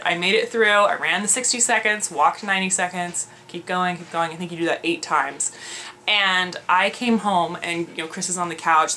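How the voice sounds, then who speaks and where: A woman's voice: mid-range voice, bright, forceful tone, slight background noise. A young woman vlogging at home in a chatty, self-mocking way, laughing often. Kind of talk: casual chat to camera.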